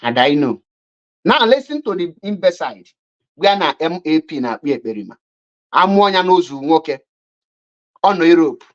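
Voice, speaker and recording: A woman's voice: deep voice, sing-song, a little fast. Woman, Nigerian accent, mocking commentary, scornful, repeats herself, slightly muffled lo-fi sound. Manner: scornful, repetitive, laughing at her opponents.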